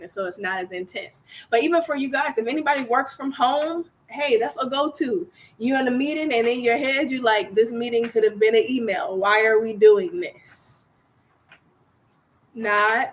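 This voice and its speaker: A young woman hosts a live online workshop in a chatty, playful way, laughing often and acting out quoted lines in little voices. Her voice is a little high with a fairly bright tone.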